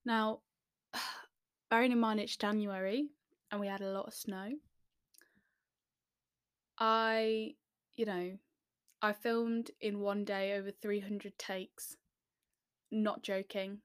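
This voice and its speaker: A woman's voice: mid-range voice, little pitch movement, fairly bright tone, clear, resonant tone, no room sound. Chatty young woman, dry close sound. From English Midlands. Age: young adult. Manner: chatty, self-deprecating, quick asides and quoted inner thoughts. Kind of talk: casual storytelling to camera.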